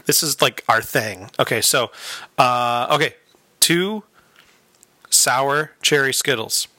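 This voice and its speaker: A man's voice: medium pitch, takes it slowly, bright, forceful tone, no echo. A man co-hosting a podcast in casual chat, jokey and laughing a lot, slipping into silly accents. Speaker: podcast co-host.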